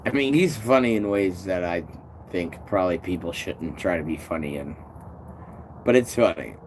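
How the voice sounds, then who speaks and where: With a deep voice and lively intonation, this tree climber addresses his live stream audience at a moderate pace. He rambles, swears plenty and keeps restarting lines while responding to comments, and there's a bit of background noise.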